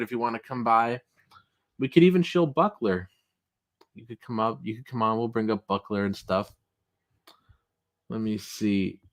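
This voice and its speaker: Joking male livestream host. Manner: jokey, mock-outraged, rising pitch when protesting. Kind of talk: casual livestream chat reading comments.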